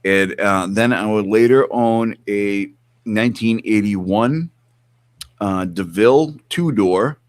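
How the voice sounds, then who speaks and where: A middle-aged man in a relaxed chat, telling stories with animated asides and plenty of swearing. His voice sits low, and the sound is dry and close. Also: slow pace, no echo. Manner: animated storyteller, swears freely, acts out bits. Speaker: podcast host. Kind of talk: casual chat.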